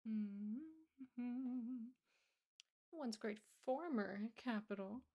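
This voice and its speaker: A woman's voice: on the high side, extremely slow, mellow. A woman streamer chatting casually and rambling as she answers her chat, sleepy and yawning. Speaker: artist streamer.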